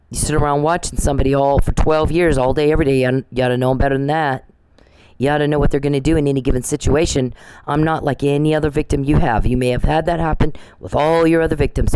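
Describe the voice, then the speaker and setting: A man's voice: medium pitch, darkish tone, slight background noise, rough recording. A man podcasting alone, scornful and mocking, ranting at an absent person with profanity and repetition. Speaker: podcast host. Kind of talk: angry monologue addressed to an absent person.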